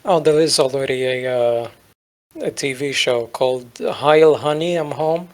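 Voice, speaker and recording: This podcast co-host has a fairly high pitch and talks at a moderate pace. He chats casually, leaning on crude sarcasm and lots of filler words.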